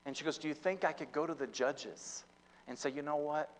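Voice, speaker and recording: A man's voice: a little high, steady tone, fairly quick, a little hiss or hum, rough recording. A man preaching a sermon as pastor, telling a story with many fillers and restarts, his volume rising and falling. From United States.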